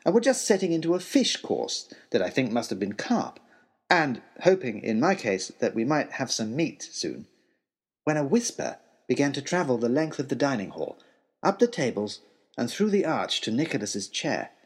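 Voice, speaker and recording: A man narrating a children's adventure story in an expressive storytelling way. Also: mid-range voice, moderate pace, husky.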